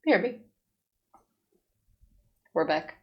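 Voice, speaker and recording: A woman's voice: lowish voice, sing-song, slow pace, muffled recording. A woman co-hosting a let's play, giggly and playful, with game music behind. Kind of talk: casual gaming banter.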